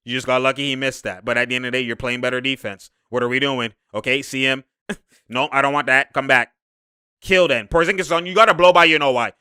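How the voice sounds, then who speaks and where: Excitable man breaking down game film. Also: medium pitch, fast talker, clean tone, no room sound, clean studio sound. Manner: excitable, laughs often, slangy, shouts at players. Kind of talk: casual game breakdown commentary.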